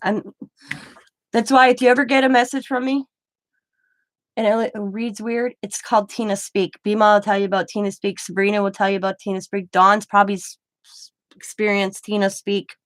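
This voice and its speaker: A woman's voice: medium pitch, level tone, brisk, no room sound. A middle-aged woman hosting a crafting livestream, chatting in a rambling, self-deprecating way while she works. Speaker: craft channel host.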